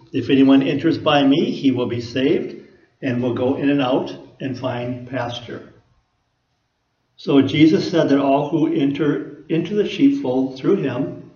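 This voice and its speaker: A man's voice: mid-range voice, mellow. A man preaching a sermon in a folksy, conversational way, often asking the listeners rhetorical questions. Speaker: pastor. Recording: echoey room, dull lo-fi sound.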